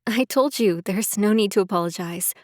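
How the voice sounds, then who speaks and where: A woman's voice: medium pitch, moderate pace, a little mellow, dry recording, clean studio sound, natural voice. A woman voicing a gracious, soothing friend in an audiobook, with a reassuring way of talking. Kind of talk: audiobook character voice.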